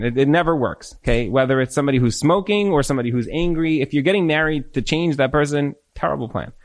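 A man answering marriage questions in a live Q&A, animated, full of restarts, acting out spouses' complaints. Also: medium pitch. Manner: animated, repetitive restarts, acts out quoted spouses. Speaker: relationship speaker. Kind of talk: Q&A talk to a live group.

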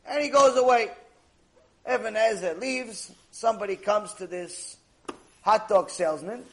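A man teaching a lecture, telling a story in an animated way and acting out the characters' lines. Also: high-pitched, a little slow, a little hiss or hum, low-quality recording. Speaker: Torah teacher.

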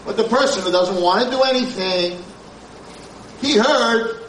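A man's voice: high-pitched, a little slow, fairly bright tone. A man, a rabbi giving an informal Torah class, talking emphatically, repeating his points and mixing in Hebrew terms. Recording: roomy, distant, faint background noise.

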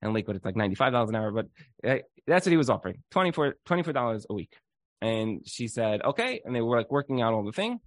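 Animated man giving a casual religious lecture. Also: medium pitch, fast, no echo. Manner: animated storytelling full of "like"s and acted-out quotes. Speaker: Torah lecturer.

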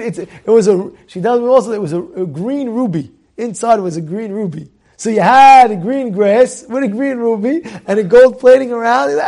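A man giving a religious lesson with stories, animated and repetitive, asking his listeners rhetorical questions and swinging from loud to hushed. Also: sits high, moderate pace, hardly any pauses.

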